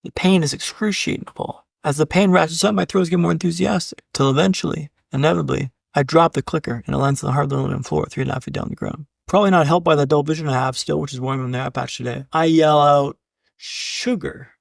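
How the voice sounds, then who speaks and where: A man's voice: on the high side, fairly even intonation, fast, creaky, few pauses, no room sound, clean studio sound. A man, a keynote speaker and podcast guest, telling a story with punchy repeated beats, often addressing the host by name and swearing casually. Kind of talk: dramatic storytelling.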